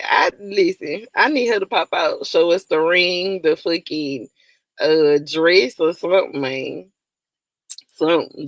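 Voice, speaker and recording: A woman with a gravelly, fry-tinged voice chats loosely on her livestream, calling out viewers by name. She laughs often and swears freely. The sound is close and dry, with no room echo. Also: fairly low pitch. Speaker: livestream host. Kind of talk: casual livestream chat.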